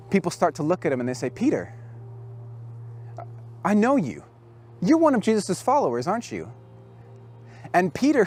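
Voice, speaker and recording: A man preaching to young people as a camp speaker, telling the story with lively acted-out quotes. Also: fairly high pitch, slight background noise. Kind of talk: storytelling sermon to youth.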